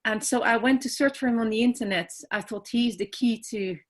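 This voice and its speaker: Tearful Dutch woman, soft and halting. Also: a little high. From Netherlands. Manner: soft, hesitant, halting with many ums. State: tearful, emotional. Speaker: team member on a group call. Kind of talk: casual self-introduction on a video call. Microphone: video call.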